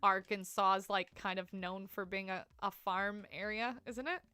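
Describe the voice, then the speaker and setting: A woman streamer with a bright, forceful voice, caught up close and dry with no room sound. She rambles through casual gameplay commentary, peppering everything with "like" and laughing often. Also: mid-range voice, steady tone, normal speed, clean tone, dry recording. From Canada. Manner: chatty, rambling, full of "like" fillers, laughs often.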